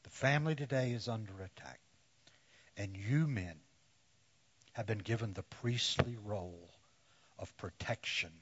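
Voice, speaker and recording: Slow, deliberate male preacher. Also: on the low side, highs cut off. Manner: slow, deliberate, phrase by phrase, sinking to a hush. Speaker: pastor. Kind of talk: sermon to men.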